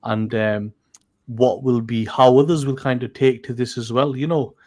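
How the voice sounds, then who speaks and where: A man's voice: mid-range voice, fairly even intonation, moderate pace, a little mellow. A man co-hosting a live stream, chatting casually and hesitantly, thinking aloud. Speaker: co-host.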